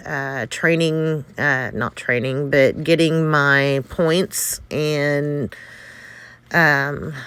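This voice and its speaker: A woman recounts a story at an unhurried pace, full of fillers, laughter and casual swearing. Her voice is smooth and clean, recorded dry and close. She sounds a little out of breath. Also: low voice, a bit bright, no room sound. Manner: rambling, many fillers, laughs often, candid swearing. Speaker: game community member recounting events.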